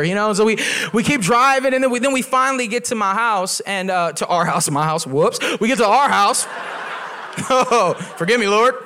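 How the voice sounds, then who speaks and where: A young adult man preaching as a guest pastor, with lively storytelling and quoted voices, in a humorous sermon in a church. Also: very high-pitched, normal speed, clear, resonant tone.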